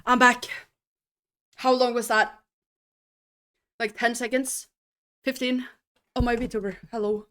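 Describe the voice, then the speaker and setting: A woman's voice: on the high side, level tone, slow pace, pauses often, bright, forceful tone. A young adult woman streaming live, chatting casually with her viewers, laughing often and reacting to chat.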